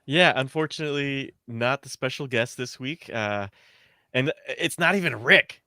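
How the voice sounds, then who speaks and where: A man's voice: medium pitch, moderate pace, bright, forceful tone, dry recording, studio quality. A man co-hosting a podcast in casual, joking banter over a video call. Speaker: podcast co-host.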